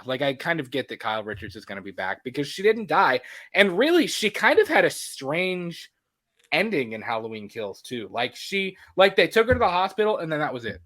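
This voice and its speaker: A man's voice: on the high side, big pitch swings, normal speed, a bit bright, dry recording. Rambling male podcast co-host, dry mic. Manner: rambling, lots of fillers and restarts. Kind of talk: casual movie chat.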